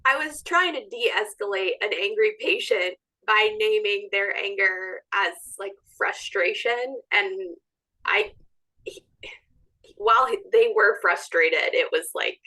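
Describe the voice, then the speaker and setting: Slow, bright-voiced woman participant. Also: medium pitch, rough recording. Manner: slow and hesitant, with pauses. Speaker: workshop participant.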